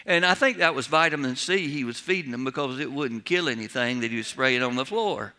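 A man's voice: mid-range voice, brisk, sharp tone. A man, a pastor, preaching a sermon in a church with folksy, humorous storytelling. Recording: long reverb of a large hall.

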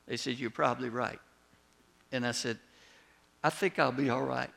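A pastor preaching and telling a story from the pulpit. His voice is gravelly and bright, at a middle pitch, and it rises for retold dialogue before falling quiet at the ends of lines. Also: normal speed. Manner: storytelling, animated when retelling, drops soft on closing words. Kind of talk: sermon.

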